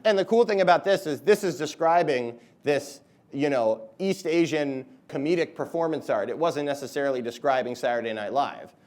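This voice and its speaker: A man's voice: a little high, normal speed, darkish tone. A man, a comedian, giving a chatty, upbeat talk to students, with many "like"s and "you know"s. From United States. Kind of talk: casual lively presentation.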